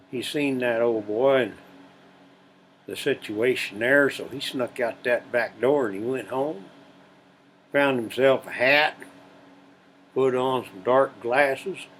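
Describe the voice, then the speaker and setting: A man's voice: mid-range voice, a little hiss or hum, rough recording. A man who hosts a channel, telling folksy jokes in a drawling storyteller's way.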